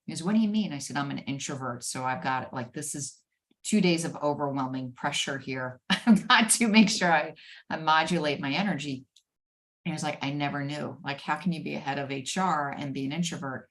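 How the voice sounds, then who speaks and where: A woman guest on a video-call interview, telling her own stories in a lively, animated way with some laughter. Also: low-pitched, fairly quick. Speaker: guest, former head of HR. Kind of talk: conversational storytelling interview.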